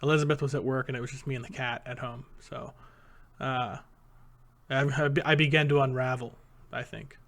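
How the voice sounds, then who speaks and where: Male co-host, thirties, mid-pitched, rambling and hesitant, casual talk. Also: steady tone, a little fast, fairly bright tone. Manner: rambling, hesitant, many fillers. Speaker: podcast co-host. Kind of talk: casual podcast chat.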